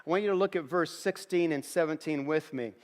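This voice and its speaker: A man's voice: on the high side, fairly quick. A middle-aged man preaching a sermon as a pastor, earnest, telling stories and repeating phrases for emphasis. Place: church auditorium. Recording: long hall reverb.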